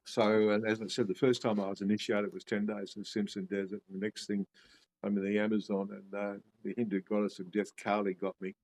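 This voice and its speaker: Australian man telling stories, lower voice. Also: fairly quick, low-quality recording. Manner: animated storyteller who acts out his past reactions. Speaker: guest, shamanism teacher. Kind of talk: casual storytelling interview.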